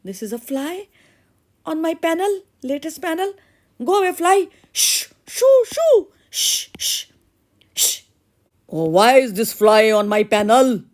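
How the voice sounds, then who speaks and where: Woman doing a loud fussy old painter. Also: high-pitched, very animated, takes it slowly, voice pushed up, exaggerated voice. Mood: annoyed. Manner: loud, exclaiming, fussing. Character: old male master painter, proud and excitable.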